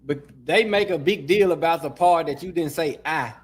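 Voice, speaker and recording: A man co-hosting a podcast, asking questions in a relaxed, casual chat. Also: a little high, moderate pace, slightly rough. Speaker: podcast co-host.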